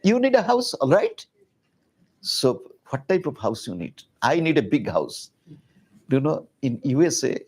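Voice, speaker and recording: A man giving a public spiritual talk, telling a story in an animated, conversational way with casual asides. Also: on the high side. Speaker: spiritual teacher.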